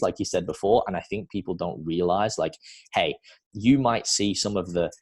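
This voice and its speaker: A man's voice: low-pitched, moderate pace, a little mellow, husky. A man from New Zealand hosting a podcast in a casual, rambling way with lots of fillers. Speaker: podcast host.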